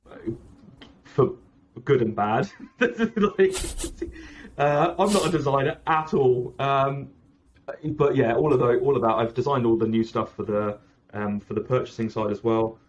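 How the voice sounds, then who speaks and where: As a guest in an interview, an app founder with a mid-range voice talks at a normal speed, rambling, correcting himself frequently, and saying "like" and "um" often. The audio is dull, with slight background noise.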